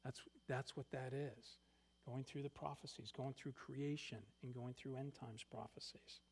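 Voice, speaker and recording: A male pastor in the middle of a sermon, reading scripture and then pausing to unpack it for his listeners. His voice sits at an ordinary middle pitch, rising and pressing harder on key points before dropping to soft, almost hushed asides. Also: husky. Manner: animated, swings between loud emphasis and quiet asides.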